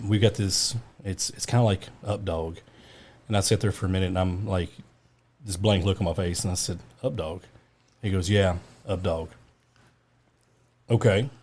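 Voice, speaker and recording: A man with a fairly low voice co-hosts a podcast. He tells his story in a deadpan way, building slowly toward the punchline. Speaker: podcast co-host. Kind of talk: casual storytelling chat.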